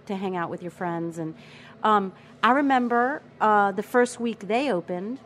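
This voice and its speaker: A woman's voice: mid-range voice, unhurried, slight background noise. Woman reminiscing in a casual chat.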